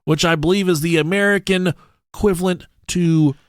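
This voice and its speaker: A man co-hosting a casual comedy podcast, reading a story aloud with profane asides and loud joking voices. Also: high-pitched, fairly even intonation, normal speed, no echo, clean studio sound. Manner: profane, rowdy. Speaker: podcast co-host.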